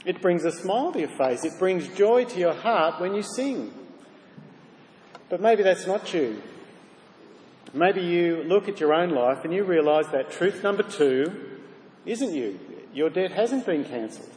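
A man's voice: high voice, animated, measured pace, darkish tone, slight background noise. A man preaching a sermon, speaking earnestly and directly to his listeners with rhetorical questions. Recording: reverberant hall, faint ambience.

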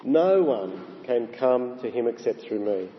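Man, sermon, emphatic, slows for weight, long reverb. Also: medium pitch, lively intonation. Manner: emphatic, rising on key phrases, slowing for weight. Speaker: preacher. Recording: dull sound with long hall reverb.

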